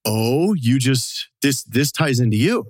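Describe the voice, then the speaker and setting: A man's voice: medium pitch, expressive, a little slow, dry recording, studio quality. A man hosting a casual chat, asking curious, prompting questions. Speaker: podcast host, filmmaker.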